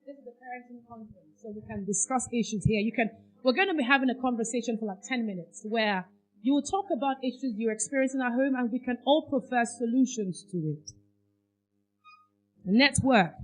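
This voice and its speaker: A woman's voice: a little high, low-quality recording. Woman quizzing a workshop audience. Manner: quizzes audience with fill-in questions. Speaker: workshop speaker. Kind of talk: interactive parenting workshop talk. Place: conference hall.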